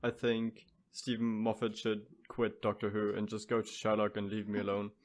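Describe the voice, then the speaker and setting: A man's voice: lowish voice, monotone, moderate pace. A man co-hosting a casual podcast chat who laughs often between remarks. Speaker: podcast co-host.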